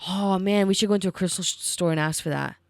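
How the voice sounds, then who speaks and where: A woman's voice: medium pitch, fast, no room sound, clean studio sound. A young woman co-hosting a casual podcast chat, rambling with lots of fillers and casual swearing. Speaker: podcast co-host.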